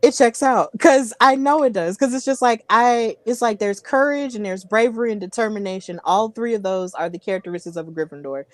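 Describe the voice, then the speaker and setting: A woman hosts a wrestling podcast in a casual interview, speaking a little fast in a fairly high voice with hardly any pauses. She's chatty and giggly and often repeats herself. The recording is dry.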